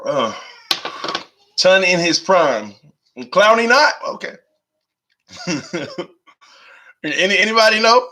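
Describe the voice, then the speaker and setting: Casual live-stream host, a man, slightly high and bright, animated and chatty. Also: slow, pauses often. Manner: animated, laughs often, reads viewer comments aloud.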